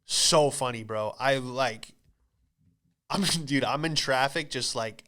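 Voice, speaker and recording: A man hosting a comedy podcast, telling a story in an animated, profane, exclamatory way. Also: medium pitch, slow.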